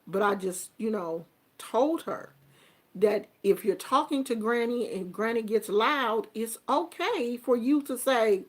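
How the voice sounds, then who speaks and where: A woman's voice: a little high, lively intonation, slow, a bit bright. An older woman, a grandmother, talking earnestly and reflectively about family and communication in a casual monologue. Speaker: vlogger giving life advice.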